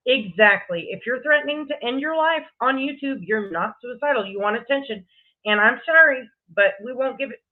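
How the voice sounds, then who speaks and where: Crude woman on a tinny call line. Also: a little high. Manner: crude, combative. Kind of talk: casual ranting livestream chat. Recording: tinny phone-like call audio.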